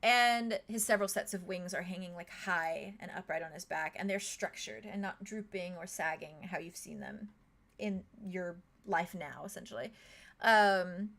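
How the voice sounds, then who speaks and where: A woman's voice: on the low side, normal speed, a bit bright. A woman narrating a tabletop role-playing game as game master, in a casual, rambling way full of fillers and small chuckles. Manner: casual, many fillers, chuckles between lines.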